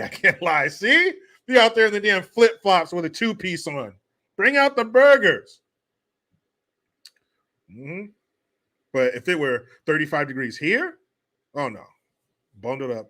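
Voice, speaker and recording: A man's voice: on the high side, sharp tone. A man hosting a casual livestream, joking and swearing as he reads and answers viewer comments. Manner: profane, joking, reads chat aloud. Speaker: host.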